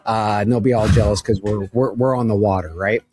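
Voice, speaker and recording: A man co-hosting a podcast, telling an animated story in casual chat and swearing freely. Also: lowish voice, brisk, slightly rough. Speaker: podcast co-host.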